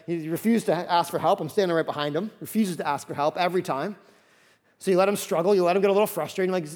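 Man, high voice, pastor preaching, acts out characters, long hall reverb. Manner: animated, acts out Bible characters in quick voices. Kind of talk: sermon.

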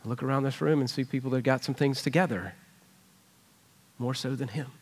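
A man's voice: medium pitch, steady tone, fairly quick, husky. A man preaching a sermon in a church, conversational and earnest as he retells a personal story. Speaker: pastor. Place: church sanctuary.

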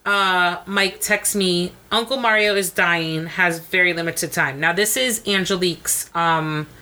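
A woman co-hosting a podcast, telling a story in fast, profane, animated chat and acting out the people in it. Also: lowish voice. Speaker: podcast co-host.

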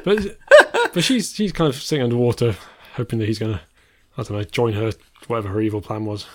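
A man's voice: mid-range voice, animated, a little fast, a bit bright, no echo, studio quality. A man co-hosting a podcast about films, in a rambling, casual chat that often trails off into a laugh. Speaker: podcast co-host.

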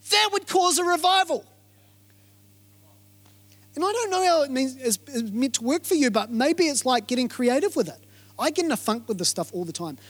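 A man preaching a sermon in an energetic way, repeating phrases and quizzing the congregation. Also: extremely high pitch. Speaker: pastor.

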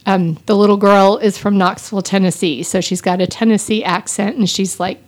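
A woman's voice: mid-range voice, fairly even intonation, fairly quick. Chatty woman with frequent restarts. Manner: chatty, restarts often, amused storyteller. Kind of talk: casual chat.

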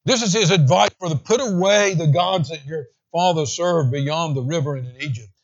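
Man preaching emphatically, lo-fi. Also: fairly high pitch. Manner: emphatic preaching, slows down to read scripture. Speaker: pastor. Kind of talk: sermon.

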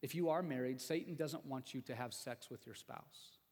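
A man's voice: medium pitch, moderate pace, darkish tone, husky, long reverb tail. A male pastor preaching a sermon in a chatty, joking way, speaking directly to the congregation. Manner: conversational preaching with jokes and asides to the congregation. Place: church sanctuary.

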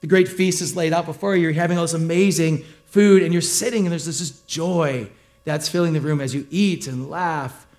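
A middle-aged male pastor giving a sermon in a conversational, joking way, with lively acted asides. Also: fairly high pitch, normal speed.

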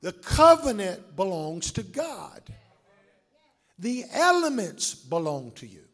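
A preacher with a husky voice pitched high for a man. He speaks slowly, his pitch leaping up and down. He calls out to the congregation, then drops to a hush. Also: big pitch swings, faint music behind. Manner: preaching with call-and-response to the congregation; swings between shouts and hushed asides. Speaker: pastor. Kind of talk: sermon.

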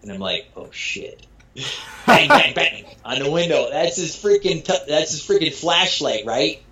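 A man from Michigan telling a casual story with animated delivery, acting out dialogue and swearing freely. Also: a little high, normal speed. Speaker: storyteller guest. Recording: dull lo-fi sound.

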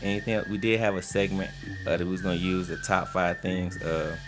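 A man's voice: deep voice, steady tone, brisk, music in the background. A man hosting a podcast, bantering loosely and laughing often with his co-hosts. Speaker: podcast host. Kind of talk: casual banter.

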